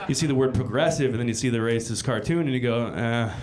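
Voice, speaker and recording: Recorded live in a club with audience laughter behind him, a man races through a crude, meandering stand-up routine in a mid-range voice. He keeps restarting his lines and swears frequently.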